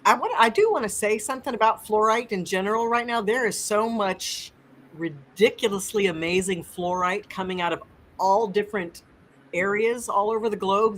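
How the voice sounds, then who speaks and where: Woman, enthusiastic, rambling, mid pitch, live stream guest. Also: normal speed. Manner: enthusiastic, rambling, many restarts. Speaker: crystal expert guest. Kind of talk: live stream chat, explaining crystals.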